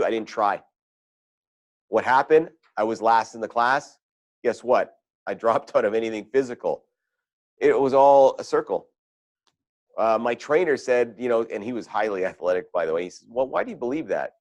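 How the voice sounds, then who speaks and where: A man's voice: fairly low pitch, moderate pace, long pauses, no echo. A man giving a motivational talk on goal setting as a sales coach, conversational and full of personal stories. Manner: conversational, storytelling with quoted asides.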